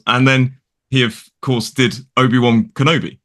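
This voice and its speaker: A middle-aged man with a British accent talks at easy length, wandering from point to point with plenty of fillers and restarts. His voice sits at an ordinary pitch but has a bright, forward edge. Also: fairly quick. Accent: British English. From United Kingdom. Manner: chatty, digressive, with many restarts and fillers. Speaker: English teacher guest. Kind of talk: casual conversation.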